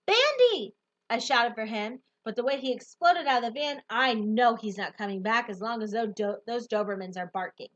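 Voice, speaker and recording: A woman reading a novel aloud in the first person, with expressive, lively storytelling. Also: on the high side, a little fast, hardly any pauses, lo-fi sound. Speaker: audiobook narrator.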